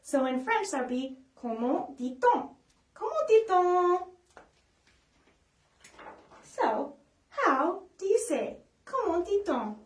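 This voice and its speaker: A high-pitched woman running a children's storytime, talking in a chatty, upbeat way full of ums and small restarts. She stands a little away from the microphone, so her voice sounds distant, and the room around her is echoey. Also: sing-song. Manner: sings simple songs slowly for kids to follow. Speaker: children's librarian leading storytime. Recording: echoey room, voice a bit far from the mic.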